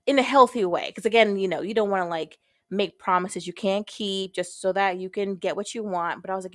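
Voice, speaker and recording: A woman's voice: mid-range voice, fairly even intonation, a little fast, no echo, clean studio sound. A woman guest on a podcast telling a personal story frankly and expressively, casually swearing and acting out her own past thoughts.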